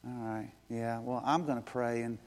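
A man preaching a sermon as pastor, earnest and direct, building to urgent appeals and then softening into a gentle invitation. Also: mid-range voice, steady tone, normal speed, in a large hall. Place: church sanctuary.

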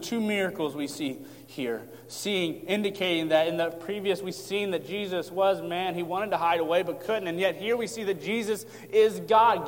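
A man preaching an expository sermon, calm as he explains and rising to impassioned emphasis. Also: a little high. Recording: long hall reverb.

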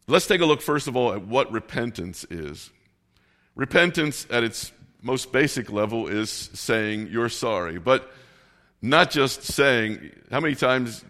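A man preaching a casual sermon, telling a personal story in a relaxed, self-deprecating way. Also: on the low side. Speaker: pastor. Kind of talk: conversational sermon with personal anecdotes.

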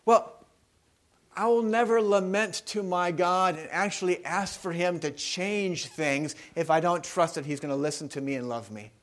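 A man pastor preaching a sermon in a conversational way, asking his congregation questions and moving between loud emphasis and quiet reflection. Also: high voice, moderate pace.

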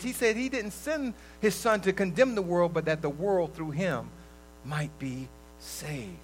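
A man with a fairly high voice preaches a sermon in a loose, conversational way. He swings between loud bursts and quiet asides. A faint electrical hum sits under the recording. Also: rough recording. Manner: lively, conversational preaching with sudden loud outbursts and soft drops. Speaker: lay preacher. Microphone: livestream recording.

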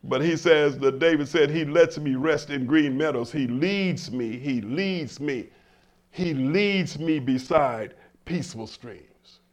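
A man's voice: fairly high pitch, slow. An older man preaching a sermon to a congregation, with stammered restarts, emphatic swells and call-and-response questions. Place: church in front of a congregation.

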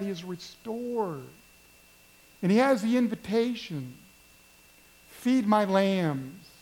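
A man's voice: sits high, a little mellow, rough recording. A man preaching a sermon, telling a story in a conversational way and asking the congregation questions. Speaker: pastor.

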